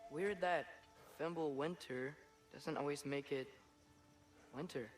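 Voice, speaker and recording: A man's voice: a little high, takes it slowly, soft background music. An actor playing an earnest, curious teenage boy who thinks aloud, heard as game audio. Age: teens. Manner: thinking aloud, puzzling over the way ahead. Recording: game audio with noise behind.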